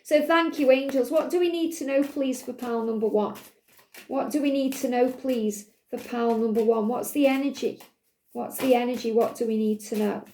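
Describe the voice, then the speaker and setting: Woman, high voice, gentle repetitive card reading, echoey room. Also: steady tone, normal speed. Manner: soothing, repetitive, addresses viewer directly. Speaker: tarot card reader. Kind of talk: guided card reading to viewers.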